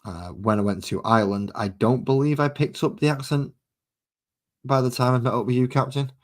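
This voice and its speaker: A man's voice: mid-range voice, normal speed. A man with a Mancunian accent rambling casually to his live-stream chat while he paints miniatures. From Manchester, England. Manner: rambling and chatty while working.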